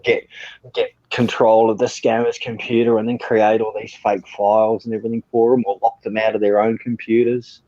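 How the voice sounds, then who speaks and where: A man's voice: lowish voice, little pitch movement, normal speed, warm tone, no echo. Laid-back man, lo-fi sound. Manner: laid-back, storytelling, swears. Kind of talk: casual chat. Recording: dull lo-fi sound.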